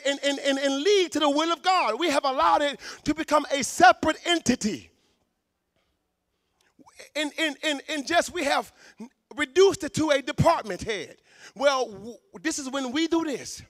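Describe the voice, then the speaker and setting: A man preaching a sermon in a church, fervent, shouting for emphasis and stumbling over repeated words. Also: extremely high pitch, no echo, clean studio sound.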